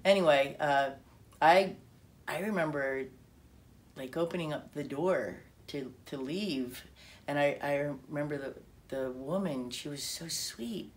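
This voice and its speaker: A woman telling her personal testimony in an animated way, acting out quotes and restarting her sentences often. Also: low voice, a little slow. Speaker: speaker sharing a personal testimony.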